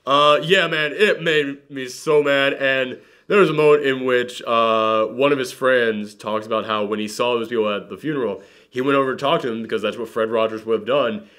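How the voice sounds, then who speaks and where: A young man reviewing a movie in a casual chat, talking in an animated way and using lots of fillers. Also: medium pitch, normal speed, few pauses. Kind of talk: casual conversation.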